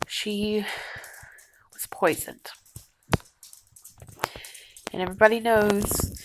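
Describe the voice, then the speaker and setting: A young woman speaks slowly and gently, often dropping to a near whisper. She pauses and restarts as she tries to hold back tears. A faint noise sits under her voice indoors. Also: medium pitch. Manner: soft, halting, on the verge of tears. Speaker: vlogger. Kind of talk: emotional personal vlog. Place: a house, indoors.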